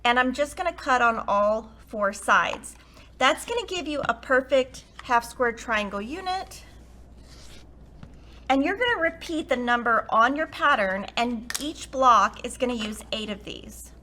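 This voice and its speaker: A woman's voice: a little high, animated, measured pace, pushed and bright, slight background noise. A woman hosting a quilting tutorial, chatty and enthusiastic as she explains each step. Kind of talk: upbeat sewing tutorial.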